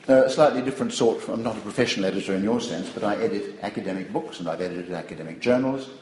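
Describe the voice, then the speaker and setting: Older male lecturer, wry and anecdotal, mid-pitched, roomy hall sound with faint ambience. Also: slight background noise. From Australia. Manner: wry, digressive, animated storytelling. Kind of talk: public lecture.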